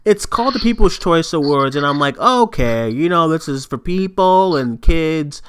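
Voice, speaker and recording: A man's voice: a little high, moderate pace, clear, resonant tone. A man co-hosting a movie news podcast, ranting in casual chat, swearing and laughing, recorded remotely. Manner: animated, swearing, laughing often. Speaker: podcast co-host. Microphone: remote recording setup.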